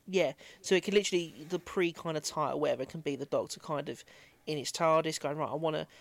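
A man's voice: on the high side, quick pace, gravelly. A man co-hosting a podcast in casual chat, thinking aloud and rambling. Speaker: podcast co-host.

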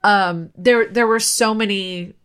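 A woman co-hosting a podcast, discussing a film in a measured, thoughtful way with pauses on "um.". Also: medium pitch, steady tone, fairly bright tone. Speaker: podcast co-host.

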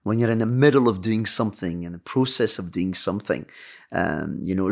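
A man's voice: low-pitched, fairly quick, creaky. A man co-hosting a casual language lesson podcast, playful and joking, often praising with short replies. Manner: playful, jokey, says "très bien" often. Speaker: language teacher co-host.

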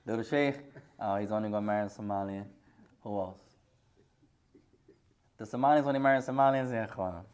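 A man's voice: fairly low pitch, brisk, long pauses, a little mellow, clear, resonant tone. A middle-aged man teaching a hadith class, joking and teasing his students and mixing Arabic phrases into his English.

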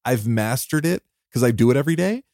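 A man hosting a podcast alone, talking in an earnest, heartfelt way, emotional and near tears, often restarting and laughing softly. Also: medium pitch, animated, fast, dry recording, clean studio sound. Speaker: podcast host. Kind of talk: reflective solo podcast monologue.

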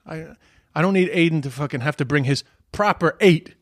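A man with a Dublin accent spins a loose, swearing story, chuckling at his own jokes. His voice sits a touch high for a man, and the sound is dry and close. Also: a little fast, no room sound. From Ireland. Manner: rambling, swearing, self-amused. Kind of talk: casual storytelling monologue.

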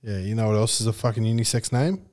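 Crude, teasing Australian bloke. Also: male voice, on the low side, fast, a little mellow. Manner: crude, teasing, heavy swearing. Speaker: podcast co-host. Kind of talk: casual banter.

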